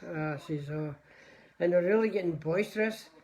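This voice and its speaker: This older man from Scotland has a high, slightly mellow voice and speaks at a normal pace. He chats casually with his livestream audience, telling meandering tales and calling out viewers by name.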